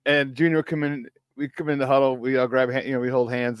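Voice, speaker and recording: Talking fast in a mid-range voice, a sports talk show host comes across in a studio-quality recording with no echo. The former player chats loosely about football, laughs often, shares locker-room stories, and pumps things up with "baby."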